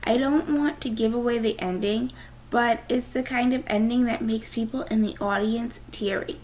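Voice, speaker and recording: A woman's voice: on the high side, steady tone, moderate pace, a little mellow, slight background noise, rough recording. A woman teacher with a cold reading a novel aloud to her class, with small stumbles. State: has a cold.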